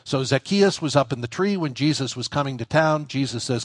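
Conversational preacher, dry close sound. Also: male voice, medium pitch, normal speed, hardly any pauses, dry recording. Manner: conversational preaching, rising with emphasis. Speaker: pastor. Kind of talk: sermon.

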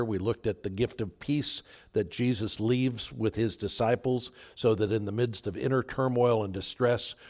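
A man's voice: medium pitch, a little mellow. Man, pastor, preaching, emphatic, earnest, repeats phrases. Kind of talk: sermon.

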